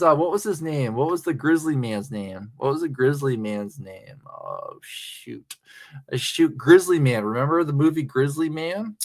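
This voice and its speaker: A man's voice: medium pitch, very animated, measured pace. A male live streamer giving rambling, profane, amused commentary.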